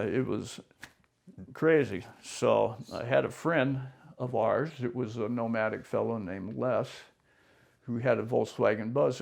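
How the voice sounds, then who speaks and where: An older man recounts local stories to an interviewer in a casual, meandering way. His gravelly, fry-laden voice sits at an ordinary middle pitch. He slips into quick impressions of the people in his tales. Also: a little mellow. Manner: rambling anecdotes, acts out other people's lines. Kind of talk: casual storytelling.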